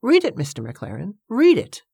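A woman's voice: fairly high pitch, wildly swooping pitch, normal speed, creaky, mellow, husky, no echo, studio quality, voice pushed up, full character voice. A woman doing a bossy, commanding lady organizer. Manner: firm, commanding, impatient. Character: bossy, imperious middle-aged woman organizer.

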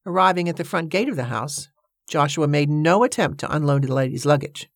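A woman narrating a novel in a steady storytelling manner. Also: low-pitched, a little fast, no echo, clean studio sound. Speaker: audiobook narrator. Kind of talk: scripted narration.

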